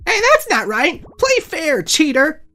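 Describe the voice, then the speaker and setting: A man's voice: very high-pitched, wildly swooping pitch, a little slow, sharp tone, faint music behind, pitched above the performer's own voice, full character voice. A man voicing a pair of five-year-old ghost boys with British accents, teasing and singsong. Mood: indignant.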